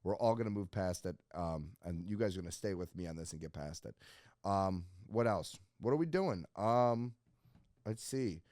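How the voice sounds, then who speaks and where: A man's voice: low-pitched, animated, normal speed, a little mellow, no room sound, clean studio sound. A young man hosting a casual solo podcast, rambling and joking with plenty of swearing, self-mocking while stuck in a hot costume. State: in a hot Halloween costume with gloves. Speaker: podcast host. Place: home podcast setup with laptop.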